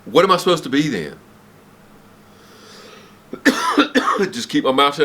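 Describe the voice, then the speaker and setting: A man's voice: on the high side, very animated, a little slow, pauses often, pushed and bright. A man in his forties ranting straight to camera at home, blunt and heated, cursing and then apologizing before he winds up again. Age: 40s. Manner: heated, profane, preachy, breaks off to apologize. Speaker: vlogger. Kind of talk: blunt unscripted rant to camera. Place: home, downstairs room.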